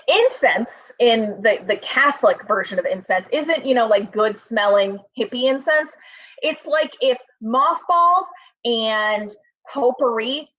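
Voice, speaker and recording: A young woman with a fairly high, fairly bright voice tells a funny personal story, rambling and poking fun at herself with plenty of fillers. The comic tale comes through slightly dull, lo-fi audio.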